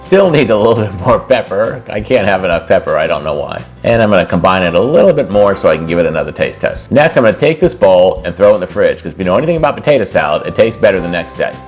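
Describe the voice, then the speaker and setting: A man's voice: low-pitched, big pitch swings, quick pace, hardly any pauses, faint music behind. A man hosting a cooking video, casually explaining a recipe step by step and then tasting it. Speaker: cooking channel host.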